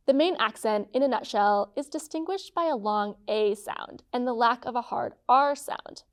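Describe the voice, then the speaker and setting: A woman hosting and narrating a scripted explainer, with a clear, measured delivery. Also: a little high, faint music behind. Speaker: host.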